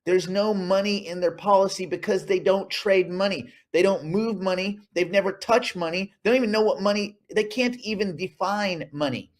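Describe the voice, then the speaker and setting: Male host, high voice, sarcastic livestream commentary. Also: moderate pace, few pauses. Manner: sarcastic, animated, repeats himself.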